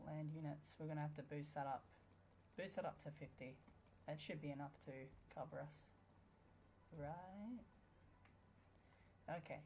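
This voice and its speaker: A woman talks through a strategy game in casual let's play commentary. Her voice sits low with a gravelly fry. She is sarcastic and playful, and swears freely at the game. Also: normal speed, long pauses, warm tone, a little hiss or hum. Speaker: gamer.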